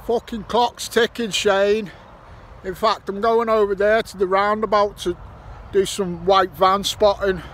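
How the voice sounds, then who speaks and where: An Irish metal detecting vlogger grumbles outdoors by a roundabout near a petrol station, with passing traffic faintly audible. His voice is high, level and a bit bright, his pace measured. In this casual monologue he swears, complains and makes up rhymes.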